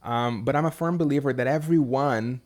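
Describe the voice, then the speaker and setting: A man's voice: mid-range voice, moderate pace. A man from Brazil, a guest on a podcast, speaking thoughtfully and hesitantly with many ums. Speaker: podcast guest, English teacher. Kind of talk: casual interview chat.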